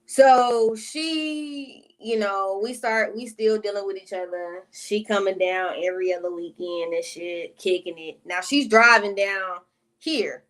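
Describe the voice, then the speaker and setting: A woman's voice: mid-range voice, a little slow. A woman vlogger telling a personal storytime in casual, profane talk that keeps drifting into side tangents aimed at her viewers.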